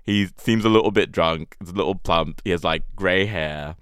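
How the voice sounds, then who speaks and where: Deep-voiced young Englishman telling a story. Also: normal speed, a bit bright, clear, resonant tone, dry recording, studio quality. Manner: chatty, amused, lots of fillers. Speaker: guest storyteller. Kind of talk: casual personal story.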